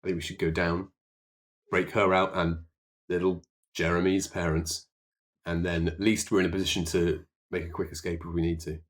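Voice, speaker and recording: A man's voice: low voice, level tone, moderate pace. A man playing a tabletop game, laying out a plan decisively. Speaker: player.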